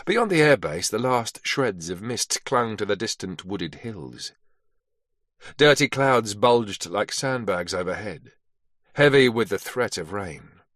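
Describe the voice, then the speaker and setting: A man narrating an action thriller audiobook in a measured, steady read. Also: lowish voice, no echo, studio quality. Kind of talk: scripted narration.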